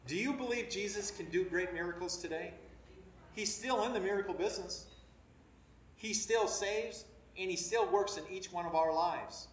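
A high-pitched man delivers a sermon, reading verses and pressing his points with rising emphasis. He is recorded from a distance, and the room around him echoes. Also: normal speed, a little hiss or hum. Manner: preaching with rising emphasis, reading scripture aloud. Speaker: preacher. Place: room with a congregation.

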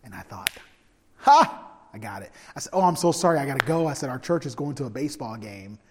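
A man preaching a sermon through personal stories, animated and humorous, swinging from loud bursts to hushed asides. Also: mid-range voice, rapid-fire, slight background noise. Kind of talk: storytelling sermon. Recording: long hall reverb.

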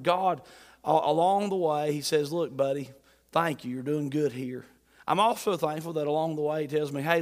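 A male pastor preaching with a high voice. He is folksy and joking, and builds to emphatic bursts. The sound rings out with the long reverb of a large hall. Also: fairly bright tone. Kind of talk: sermon.

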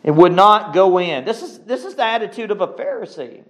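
A man preaching a sermon, reading scripture aloud and commenting on it, with dramatic swings between loud exclamations and hushed asides. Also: high voice, big pitch swings, fairly quick, few pauses, poor audio.

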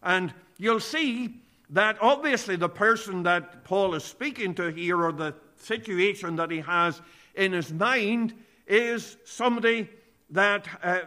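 A man delivers a sermon in an earnest, emphatic way. His voice sits high and sounds bright and crisp. He quotes scripture word for word and leans hard on key words. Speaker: preacher.

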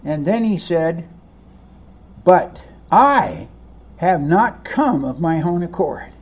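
Man, high voice, pastor, animated sermon, acts out the people in the story. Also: slow, husky, muffled recording.

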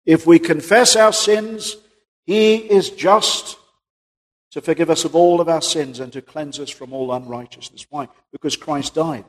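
A male preacher giving a sermon, posing rhetorical questions and swinging between loud and quiet passages. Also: fairly high pitch, unhurried. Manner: rhetorical questions, rises and drops in volume. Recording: long hall reverb.

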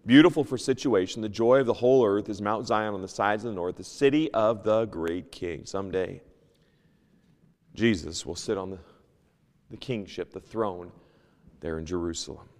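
A man teaching a Sunday school lesson, reading King James scripture aloud and moving between loud emphasis and hushed asides. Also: on the low side, normal speed, in a large hall. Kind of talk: Bible teaching, sermon. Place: church.

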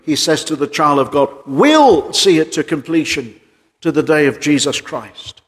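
A man preaching a sermon in an earnest voice, pressing his points with rhetorical questions and swinging between loud emphasis and quieter passages. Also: on the high side, expressive, normal speed, long reverb tail.

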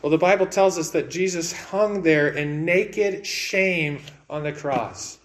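A man preaching a sermon in an earnest way, repeating words and swinging between raised and hushed delivery. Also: fairly high pitch, slow pace.

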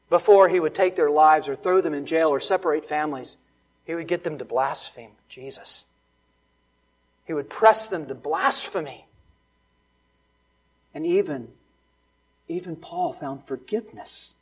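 Man preaching with big swings in loudness. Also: fairly high pitch, measured pace, long pauses, poor audio. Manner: swings between loud emphatic build-ups and soft hushed lines. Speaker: pastor. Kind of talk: sermon.

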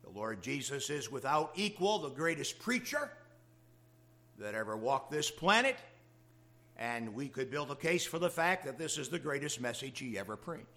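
A man's voice: medium pitch, very animated, normal speed, bright, forceful tone. A man preaching a sermon to his congregation, with dramatic rises of emphasis in a preaching cadence. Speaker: pastor.

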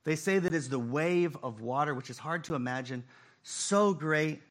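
A man preaching a sermon, swinging between loud emphasis and hushed, quiet phrases. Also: on the high side, normal speed. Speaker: pastor.

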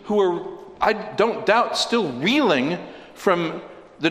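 A man's voice: high-pitched, slow, a bit bright, reverberant, long reverb tail. A man preaching an expository sermon, earnestly asking his listeners questions and rising to emphatic peaks. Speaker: pastor.

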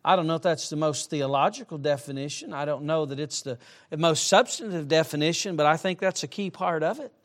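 A middle-aged male preacher with a notably high voice delivers a sermon in a church. He speaks emphatically and breaks up his points with humorous asides. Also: a little fast. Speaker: traveling preacher. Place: church sanctuary.

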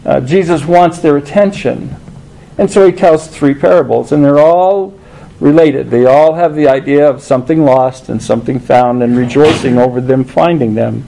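A man's voice: mid-range voice, moderate pace, vocal fry, mellow, a little hiss or hum, poor audio. A man preaching a sermon, conversational and emphatic, asking rhetorical questions.

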